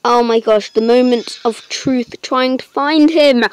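A woman giving casual gameplay commentary as a channel host, excitable, breaking into delighted squeals and filling pauses with lots of hesitant ums. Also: on the high side, no room sound.

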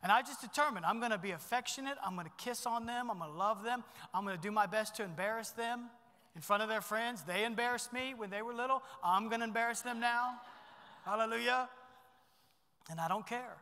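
A middle-aged pastor preaching a sermon in a church, animated and swinging between loud bursts and hushed asides. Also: male voice, sits high, a little fast, in a large hall.

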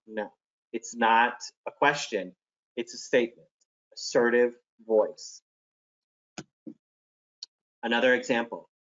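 Here is a man presenting a teacher training session, friendly and practical, with a voice of middle pitch. He acts out examples to make his points. The audio is dull and lo-fi. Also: a little slow, fairly bright tone.

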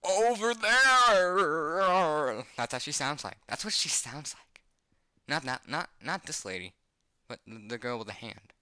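A man's voice: mid-range voice, expressive, normal speed, bright, forceful tone, dry recording, studio quality. Jumpy, foul-mouthed man reacting to horror. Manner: swears constantly, bursts into startled yelps. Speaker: webcomic reactor. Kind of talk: horror comic reaction, read aloud. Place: on his bed at home.

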